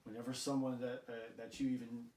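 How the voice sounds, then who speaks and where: A male host asks his questions haltingly and piles up fillers and false starts. His voice sits at a middle pitch and sounds far from the mic. The room is echoey, with a faint hiss underneath. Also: level tone, darkish tone. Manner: halting, stacks fillers and restarts. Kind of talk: casual interview.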